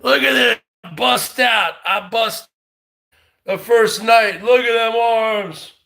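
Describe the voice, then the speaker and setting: A man doing a comic impression of a brash loudmouth who taunts a rival over and over in shouty bursts. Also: extremely high pitch, slow pace, creaky, exaggerated voice. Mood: taunting. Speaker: parody comedian. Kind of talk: comedic impression rant.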